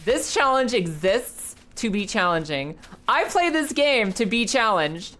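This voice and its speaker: A young woman streaming a game, chatting in a rambling, animated and profane way. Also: fairly high pitch, measured pace, background noise. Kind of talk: casual live game stream chat.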